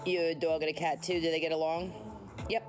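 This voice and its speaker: Over music, a woman with a low, fairly flat voice talks briskly during a nighttime phone livestream from her home. She keeps the live chat casual, chatty and teasing while replying to viewers' comments.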